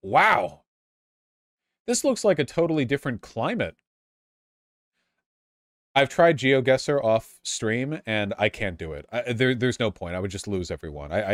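A male streamer chats casually with his viewers, his voice jumping around with lively ups and downs. He swears freely and gets excited easily. The sound is close and dry. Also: fairly low pitch, moderate pace, no echo. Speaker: live streamer. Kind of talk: casual live-stream commentary.

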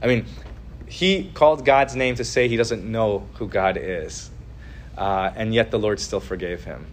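A man's voice: lowish voice, a little slow, slight background noise. Earnest man teaching with many restarts. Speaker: podcast host teaching on the Ten Commandments. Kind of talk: casual religious teaching.

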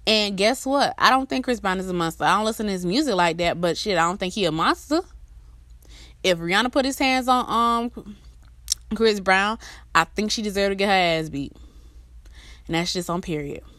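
A woman's voice: medium pitch, moderate pace, fairly bright tone, no room sound. A woman ranting to her viewers with relationship advice, blunt and emphatic, swearing heavily as she tells her own stories. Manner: blunt, emphatic, heavy swearing, storytelling asides. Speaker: vlogger giving relationship advice. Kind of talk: casual profane rant to viewers.

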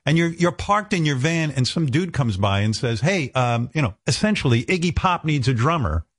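A man's voice: a little high, expressive, normal speed. A man hosting a casual interview, enthusiastically prompting his guest's stories. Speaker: host.

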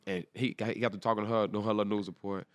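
Fast-talking man telling a story. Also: fairly low pitch, dry recording, studio quality. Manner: animated, quick storytelling with slang and repeated quotes. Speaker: guest. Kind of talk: casual storytelling.

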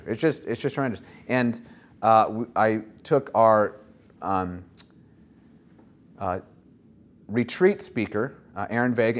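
A man preaching a sermon in a conversational way, pausing on fillers and restarting his phrases as he reads and explains scripture. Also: mid-range voice. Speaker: pastor.

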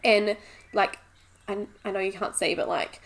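A woman's voice: medium pitch, steady tone, measured pace, low-quality recording. A young woman, co-hosting a podcast and telling a story in a chatty way, full of "like". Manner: chatty storytelling, heavy use of "like". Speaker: podcast co-host. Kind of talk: casual chat.

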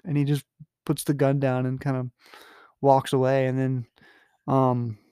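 A man's voice: mid-range voice, completely flat delivery, unhurried, warm tone, smooth, dry recording, studio quality. A young man hosting a podcast, casually recapping a novel in a rambling, amused way with lots of fillers. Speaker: podcast host. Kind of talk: casual book recap with readings.

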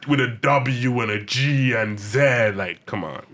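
A young man from Nigeria chatting casually as co-host, lively and playful. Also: mid-range voice, a little slow. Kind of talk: casual chat.

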